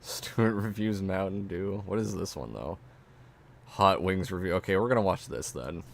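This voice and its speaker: A man's voice: deep voice, moderate pace, gravelly. A man streaming, chatting casually and profanely as he reacts to videos and reads chat.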